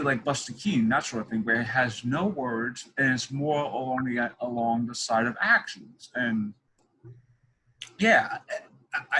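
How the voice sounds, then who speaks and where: Bright-voiced young male podcast host. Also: medium pitch, slight background noise, rough recording. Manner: rambling, many restarts and fillers. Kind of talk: casual interview chat.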